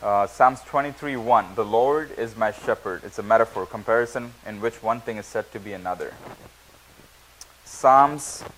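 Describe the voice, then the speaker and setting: A man teaching a Bible study class, reading verses aloud and explaining them, often pausing with fillers and restarting words. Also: lowish voice, a bit bright, a little hiss or hum, poor audio. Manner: halting, many fillers and restarts. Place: church classroom.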